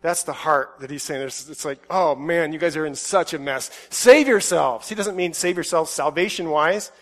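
A man giving a conversational sermon, shifting from quiet reflective musing to loud emphatic outbursts. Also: a little high, normal speed. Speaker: pastor.

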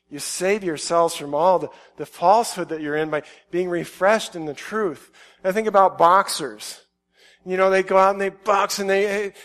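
A man giving a conversational sermon, shifting from quiet reflective musing to loud emphatic outbursts. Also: high-pitched. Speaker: pastor.

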